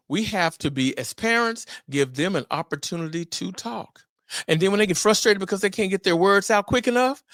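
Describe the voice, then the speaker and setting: A middle-aged man hosting a solo podcast on fatherhood, talking in an animated, preacher-like way with exclamations. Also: sits high, no room sound, studio quality. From Memphis area, US. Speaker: podcast host.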